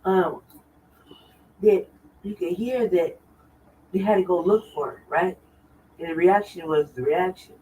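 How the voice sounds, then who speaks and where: A woman's voice: on the low side, measured pace, pauses often, narrow, tinny audio. Southern lady rambling on a livestream, sounds far off the mic, bit of noise behind. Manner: rambling, repeats herself. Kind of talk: casual livestream chat.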